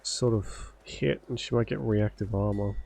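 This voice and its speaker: Stuffy-nosed gravelly male streamer. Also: fairly low pitch, steady tone, normal speed, mellow. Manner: chatty, self-deprecating, laughs often. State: stuffy nose. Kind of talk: casual live gameplay commentary. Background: game music.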